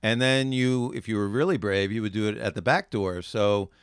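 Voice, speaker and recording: A man co-hosting a podcast talks in a loose, easygoing way, leaning on fillers as he explains. His voice is smooth and fairly low, recorded close and dry with no room sound around it. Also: steady tone, moderate pace, no echo. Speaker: podcast co-host. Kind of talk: casual chat.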